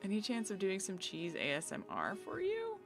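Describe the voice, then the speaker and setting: Woman streamer, American, lively sing-song pitch, bubbly, giggly, casual chat, soft music underneath. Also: moderate pace, vocal fry. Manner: bubbly, giggly, reads chat aloud and riffs. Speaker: streamer chatting with viewers. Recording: faint game music behind.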